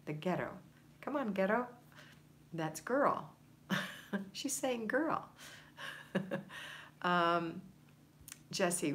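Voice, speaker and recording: A woman's voice: fairly low pitch, a bit bright, slight background noise. A woman coaching viewers on a livestream, reading their comments aloud and encouraging them in a chatty, conversational way. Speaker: home organizing coach.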